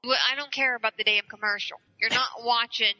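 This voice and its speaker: A woman on an online call chats casually, half distracted, tossing off quick asides. Her voice is very bright and sharp, pitched above most women. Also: fairly even intonation, highs cut off. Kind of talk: casual chat.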